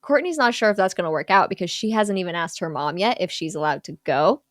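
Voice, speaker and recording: Young female podcast host, lively recap delivery, dry booth sound. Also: lowish voice, fast talker, dry recording. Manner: animated storyteller, acts out film characters in quotes. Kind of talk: casual chat.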